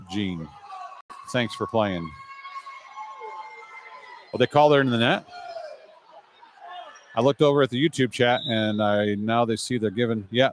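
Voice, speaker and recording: Serving as the show's announcer, a man gives live play-by-play commentary at a brisk, chatty clip, dropping casual asides between rallies. His voice sits at a medium pitch, with slight background noise.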